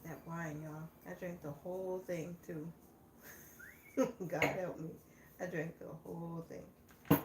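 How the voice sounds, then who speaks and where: A woman's voice: fairly low pitch, flat delivery, slow pace, pauses often. A woman hosting a laid-back live chat, talking casually with viewers and laughing often. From southern United States. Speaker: livestream host. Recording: echoey room, faint background noise.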